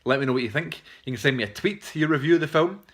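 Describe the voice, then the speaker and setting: A man's voice: on the high side, quick pace. A young man hosting a casual film review, chatty and rambling, swearing freely with lots of fillers and restarts. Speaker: film reviewer, channel host.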